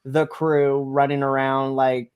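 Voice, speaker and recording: A podcast co-host giving a casual, animated wrestling review, laughing often and trailing off mid-sentence. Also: medium pitch, takes it slowly, clear, resonant tone, muffled recording.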